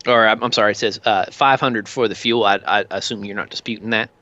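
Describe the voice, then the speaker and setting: A man doing a slick official, formal, persuasive, bright voice, dry lo-fi sound. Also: on the low side, fairly even intonation, fast, dry recording. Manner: formal, keeps saying sir, persuasive. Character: smooth-talking male government official, slick.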